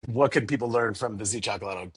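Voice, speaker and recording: A man with a low, slightly husky voice, recorded close and dry with no room around him. He chats casually in an interview about running his store. He keeps lively and breaks into quick quoted lines in a higher voice. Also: no room sound. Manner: animated, acts out quotes in a raised voice. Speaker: candy store owner.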